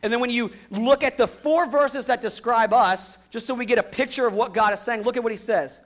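A young adult man preaching a sermon in an earnest way, moving from emphatic lines to quiet, hushed ones. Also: very high voice, brisk. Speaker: pastor.

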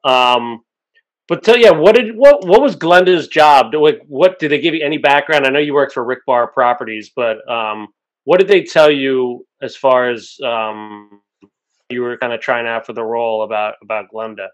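A man co-hosting an interview, animated, asking questions with emphasis. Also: mid-range voice, moderate pace, poor audio. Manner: animated, quotes lines with emphasis. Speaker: podcast co-host. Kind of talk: casual interview chat.

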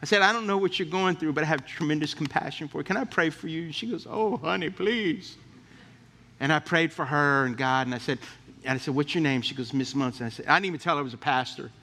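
A man's voice: a little high, fast talker, sharp tone. A male pastor giving a sermon in a folksy storytelling way, often checking in with the congregation.

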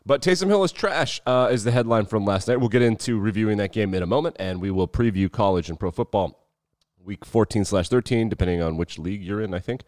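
A man's voice: on the low side, fast, a little mellow, dry recording, studio quality. A man from the Rocky Mountain region hosting a sports podcast in chatty, sarcastic, emphatic casual talk. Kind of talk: casual solo podcast chat.

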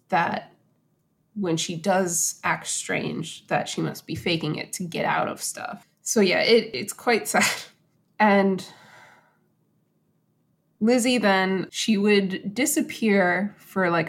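A woman casually retelling a true story to a co-host, animated and acting out quotes in little voices. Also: fairly low pitch, gravelly. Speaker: podcast host.

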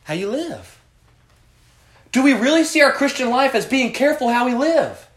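Youth Bible study teacher, man, high-pitched, preachy, questions the group, echoey room. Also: big pitch swings, moderate pace, a bit bright. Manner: preachy, asks the group questions, calls on students by name.

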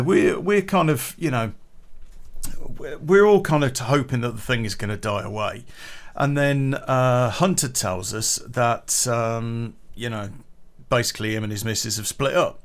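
A man's voice: mid-range voice, creaky. A man telling a casual anecdote, chatty, swearing freely and laughing at his own story.

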